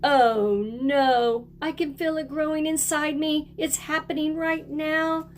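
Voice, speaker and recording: Fretful crocodile read by a woman, high, slow and theatrical, picture-book reading. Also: fairly even intonation, faint music behind. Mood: dramatic worry. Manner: dramatic, drawn-out, worried.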